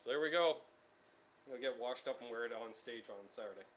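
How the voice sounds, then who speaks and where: A man's voice: medium pitch, brisk, fairly bright tone, slight background noise. A man co-hosting a casual guitar chat, easygoing as he reads out viewer comments. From Canada. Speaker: co-host.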